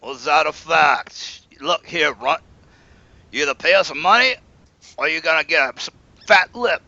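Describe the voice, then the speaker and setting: A man's voice: a little high, normal speed, pushed and bright, dry recording, highs cut off. A man voicing a greedy, demanding bandit leader in a tabletop game, speaking haughtily. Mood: threatening. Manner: haughty, bargaining.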